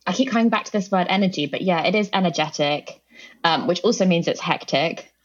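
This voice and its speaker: A chatty Englishwoman talks as a podcast guest over a video call, giggling and filling her talk with ums and likes. Her voice is low, and the sound is dull and dry. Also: brisk, dry recording. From England. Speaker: guest, company co-founder. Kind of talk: podcast interview.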